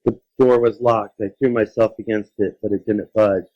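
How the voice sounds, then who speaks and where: A man reading a children's scary story aloud, dramatic, dropping low and quiet for suspense. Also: steady tone, normal speed, highs cut off. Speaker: story reader.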